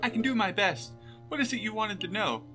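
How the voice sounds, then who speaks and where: A naive, chirpy young noblewoman cat from a game, sweet and innocent, her voice high and lilting with lively swings. A man acts her out. Game music plays underneath. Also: fairly quick, low-quality recording.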